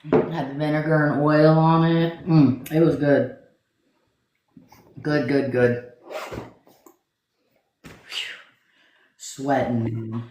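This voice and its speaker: A man's voice: on the high side, steady tone, drawn-out words, long pauses, darkish tone. A man co-hosting a casual chat show, rambling and repeating himself as if worn out. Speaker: podcast co-host. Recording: very echoey room with faint noise.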